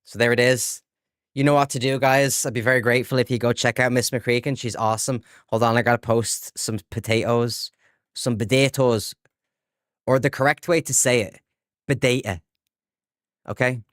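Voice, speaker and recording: A man's voice: mid-range voice, fairly even intonation, a little fast, no room sound, clean studio sound. A young adult Irish man chatting casually with viewers while he plays a game on a live stream. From Ireland. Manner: chatty, reads out chat and answers viewers, upbeat.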